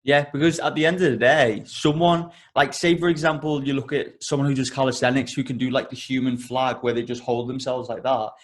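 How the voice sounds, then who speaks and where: A man's voice: mid-range voice, steady tone, brisk, few pauses. Laid-back young English man, laughs easily. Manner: laid-back, laughs often, swears casually. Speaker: podcast co-host. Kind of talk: casual podcast chat.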